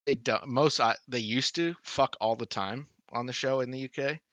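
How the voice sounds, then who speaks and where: Blunt, forceful man chatting on a podcast. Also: mid-range voice, moderate pace, dry recording. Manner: blunt, swears freely, laughs easily. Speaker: podcast co-host. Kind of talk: casual chat, answering quiz questions.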